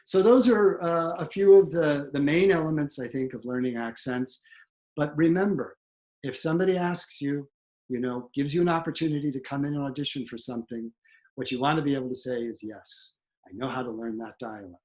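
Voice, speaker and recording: A man's voice: a little high, brisk, darkish tone. A middle-aged man, a theatre professor, giving a talk to acting students with frequent ums and repeated words. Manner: explanatory, with fillers and repeated words. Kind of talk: instructional talk.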